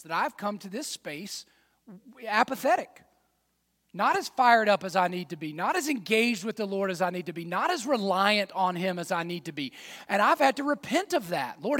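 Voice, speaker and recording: A man preaching a sermon as pastor, folksy and direct, dropping to quiet asides and then rising to loud fired-up exhortation. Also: high-pitched, expressive, moderate pace, in a large hall. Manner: folksy, addresses congregation as y'all and man.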